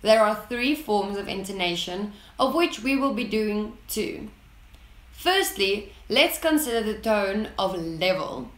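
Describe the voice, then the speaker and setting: A woman narrating an English lesson in a slow, deliberate way, reading out example sentences with clear enunciation. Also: mid-range voice, animated, echoey room. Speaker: English teacher.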